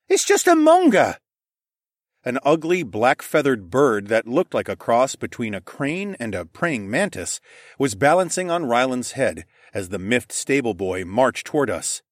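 A man reading an audiobook in first person, with expressive storytelling. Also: mid-range voice, dry recording, clean studio sound. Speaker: audiobook narrator.

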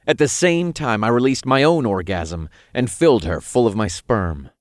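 A man reading a first-person story as narrator in an even, unhurried way. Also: mid-range voice, no echo, clean studio sound.

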